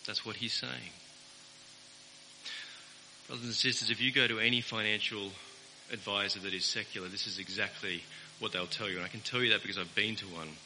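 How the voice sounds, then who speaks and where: A man's voice: fairly low pitch, fairly even intonation, brisk, pauses often, bright, forceful tone. A man preaching a sermon as pastor, earnest and emphatic, repeating key words for weight. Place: church. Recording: reverberant church hall with faint hiss.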